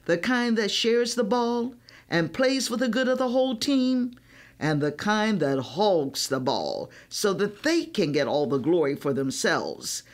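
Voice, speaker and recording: A woman reading a children's novel aloud, telling it in the first person with an expressive delivery. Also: mid-range voice, measured pace. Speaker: reader.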